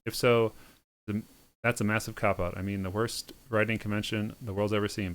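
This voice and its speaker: A man with a smooth, lowish voice speeds through on-screen game text. His delivery stays sardonic and deadpan, with quick mocking asides between the lines. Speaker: game streamer reading a visual novel aloud. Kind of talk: reading game text aloud with comic asides.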